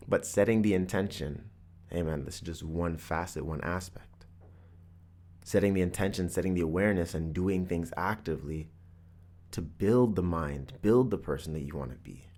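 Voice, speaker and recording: A man's voice: sits low, normal speed, darkish tone. A man hosting a podcast, telling a personal story in an earnest, reflective motivational monologue. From Canada. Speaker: podcast host.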